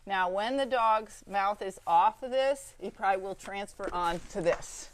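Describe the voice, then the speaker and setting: A woman instructor leading a hands-on training demonstration, brisk and practical, often checking in with "okay?". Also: medium pitch, slight background noise.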